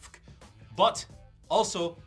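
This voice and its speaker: A man's voice: slow, a bit bright, soft background music. A young man hosting a casual chat, reading out listener questions and laughing often. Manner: giggly, reads listener questions. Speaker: host.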